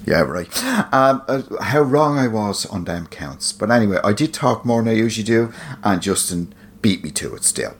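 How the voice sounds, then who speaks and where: A man's voice: fairly low pitch, lively intonation, moderate pace. A man co-hosting a podcast, chatting casually in a wry, rambling, self-mocking way. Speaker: podcast co-host. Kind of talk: casual banter.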